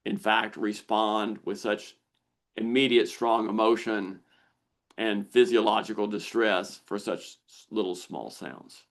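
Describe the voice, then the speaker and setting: An older man hosting a live Q&A on a video call, explaining patiently and acting out the brain's inner voice with lively exclamations. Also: on the low side, unhurried. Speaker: misophonia researcher hosting a Q&A.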